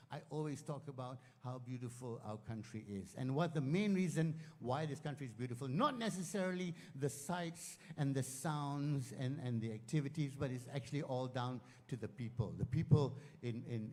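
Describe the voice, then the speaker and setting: A Malaysian man with a Malaysian accent, performing an animated stand-up comedy set and mixing in Malay words. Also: mid-range voice. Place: event dinner hall. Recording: echoey hall reverb.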